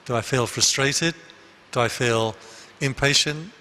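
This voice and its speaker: Speaking unhurriedly in a mid-range voice that comes across pushed and bright, a Buddhist monk shares anecdotes in a conversational dharma talk at a meditation hall. He restarts himself frequently. Slight background noise is present.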